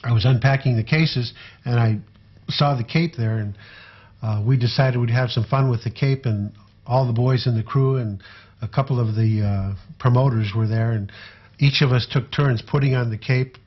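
An older man with a husky, slightly breathy voice tells anecdotes from his years on tour. He talks at an easy pace and trails off with fillers between memories. The recording sounds dull and lo-fi. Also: mid-range voice. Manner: unhurried, rambling recollection with frequent fillers. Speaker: tour photographer recalling memories. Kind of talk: conversational anecdotal storytelling.

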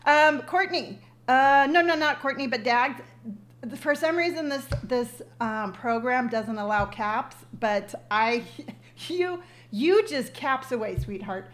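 A woman's voice: high voice, lively intonation, slow. A woman in her fifties hosting a casual live stream, chatting effusively and reading viewer comments aloud, with lots of ums and restarts, speaking into her device's built-in mic. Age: 50s. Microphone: device's built-in mic, no external microphone.

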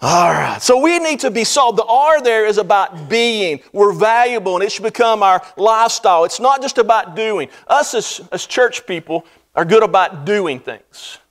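High-voiced man preaching a sermon. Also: animated, normal speed, fairly bright tone. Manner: earnest preaching with swelling emphasis. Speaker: pastor. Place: church sanctuary.

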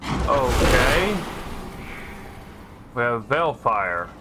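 A man's voice: medium pitch, sing-song, extremely slow, heavy background noise. A man casually commentating his gameplay, thinking aloud in a laid-back way. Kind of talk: casual let's-play commentary.

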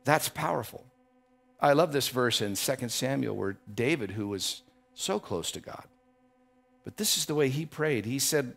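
A man's voice: medium pitch, animated, moderate pace, vocal fry, soft background music. A man preaching a sermon as a pastor, emphatic and building to impassioned passages, often repeating words as he builds a point. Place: church.

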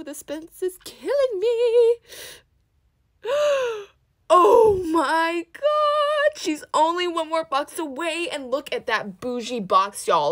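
A young woman unboxing a doll for her vlog at home, talking in a high, gushing, excited voice with casual slang.

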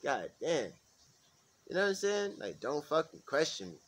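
A man's voice: a little high, huge pitch swings, normal speed, slight background noise. A man vlogging in a heated, profanity-laced rant, repeating himself for emphasis. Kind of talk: casual ranting monologue.

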